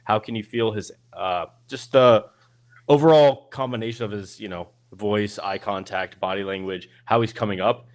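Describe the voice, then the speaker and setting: A man's voice: fairly low pitch, normal speed. A man in casual group talk, rambling a little and restarting his words as he explains. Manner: rambling, restarts words, animated quoting of others. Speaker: podcast host. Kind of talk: casual group chat on a stream.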